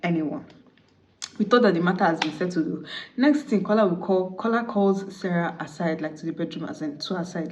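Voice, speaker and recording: A woman's voice: fairly low pitch, fairly quick, background noise. A woman casually recapping a movie, chatty, full of fillers, acting out the dialogue. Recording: slightly distant, dull audio.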